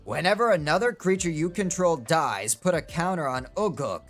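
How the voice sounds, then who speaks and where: Excitable man streaming, slightly high voice. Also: moderate pace, hardly any pauses, soft background music. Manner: excitable, swearing, rambling. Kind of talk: casual chat while opening card packs.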